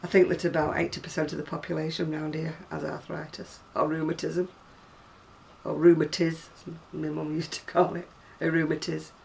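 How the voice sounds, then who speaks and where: A craft seller in her sixties from North West England speaks with a northern English accent in a low, level voice with vocal fry. Recorded from a distance, she talks a little fast with hardly any pauses, rambling casually to camera about her crafts and laughing often.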